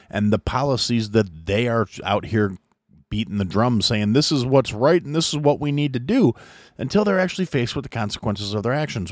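A man's voice: medium pitch, no room sound, clean studio sound. A man hosting a podcast, delivering an angry, profanity-laced opinion rant. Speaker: podcast host.

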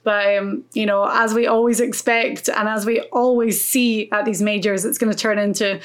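A woman's voice: medium pitch, flat delivery, normal speed. A woman co-hosting a golf podcast, steering the segments in a friendly, upbeat casual chat.

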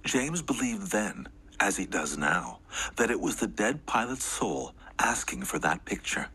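A man's voice: fairly low pitch, sing-song, a little slow, sharp tone, breathy edge. A man narrating a documentary in a scripted, dramatic storytelling way.

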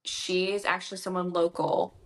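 A woman's voice: on the low side, fairly even intonation, moderate pace, a crowd in the background. A woman, a debut author chatting casually in an interview and retelling conversations with quoted voices.

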